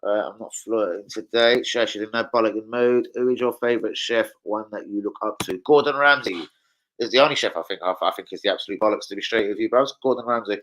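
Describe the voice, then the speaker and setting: Sweary football fan streaming. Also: male voice, fairly low pitch, fast talker, a bit bright, low-quality recording. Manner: sweary, blunt banter with viewers. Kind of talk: casual live-stream chat.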